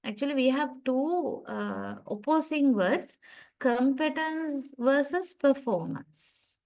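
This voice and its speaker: A woman teaches a class over a video call, taking her time and pausing to ask whether her students are following. Her voice sits a little high, and she moves unhurriedly from point to point. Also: expressive, darkish tone, poor audio. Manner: slow, deliberate explaining with frequent "right?" and "uh" checks. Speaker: lecturer. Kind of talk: online university lecture.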